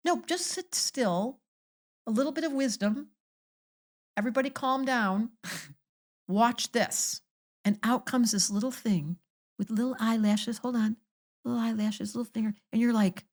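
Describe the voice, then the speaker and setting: An older woman astrologer, a podcast guest telling animated, theatrical stories in casual conversation. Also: fairly high pitch, moderate pace. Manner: theatrical storytelling, acting out quoted voices.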